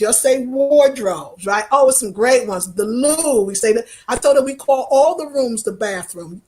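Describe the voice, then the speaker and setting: A woman with a New York accent, chatting casually on a live stream and reading viewer comments in an animated, expressive way. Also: on the high side. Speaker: travel vlogger.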